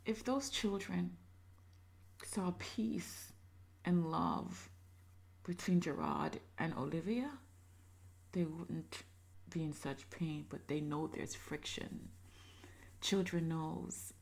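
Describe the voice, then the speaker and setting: A woman giving emotional reaction commentary, impassioned, moving between loud emphasis and soft whispery asides. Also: sits low, very animated, slow pace, creaky, long pauses. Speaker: reaction video creator.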